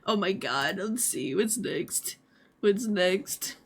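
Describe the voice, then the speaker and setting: A young adult woman giving casual livestream commentary, animated, laughing often and swearing freely. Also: medium pitch, slow, gravelly, slightly rough. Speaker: streamer.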